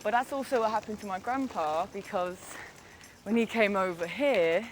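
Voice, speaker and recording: A woman's voice: medium pitch, moderate pace, slight background noise. A woman roller skater chatting casually outdoors on a street, bubbly and full of "like". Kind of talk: casual chat.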